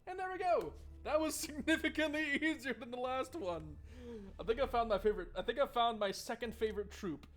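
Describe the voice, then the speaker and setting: A man streaming a game, chatting with viewers in a joking, sarcastic way and reading the game's text aloud. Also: high voice. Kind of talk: casual let's-play commentary, reading game text aloud. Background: faint game music.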